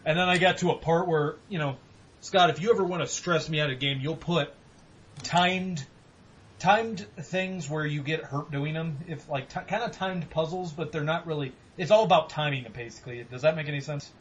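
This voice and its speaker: A man co-hosting a casual gaming podcast, talking animatedly, swearing and mock-yelling at games. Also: on the high side, moderate pace, muffled recording, a little hiss or hum. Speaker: podcast co-host.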